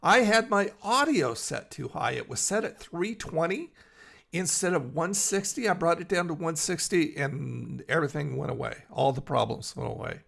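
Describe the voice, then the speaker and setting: Lying in bed at home, a middle-aged man runs a relaxed live stream, chatting and rambling while he reads messages aloud and replies to viewers by name. He speaks at a moderate pace in a fairly high, expressive voice that's gravelly and a bit bright.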